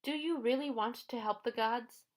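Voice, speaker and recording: A woman's voice: on the high side, moderate pace, pitched above the performer's own voice, close to an everyday voice. A woman voicing a monstrous old woman in an audiobook, speaking in a soothing, coaxing purr. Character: Medusa, ancient female monster posing as a sweet old lady. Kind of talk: audiobook character voice.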